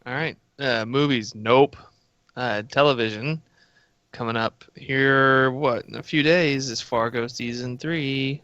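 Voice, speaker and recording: A man's voice: mid-range voice, steady tone, takes it slowly, a bit bright, no room sound, dull audio. A man as a podcast guest in casual chat, hesitant, with many ums and uhs.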